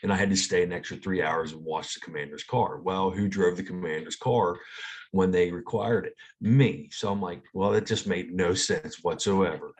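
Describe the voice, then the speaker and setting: Deep voiced american guy, laid back, tells stories w a shrug. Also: normal speed, slight background noise. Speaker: guest, Air Force veteran. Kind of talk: casual storytelling.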